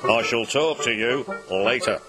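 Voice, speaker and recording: A man's voice: medium pitch, unhurried, lightly acted. A man voicing a stern, portly older male railway boss who scolds bluntly and briefly. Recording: voice over loud background music.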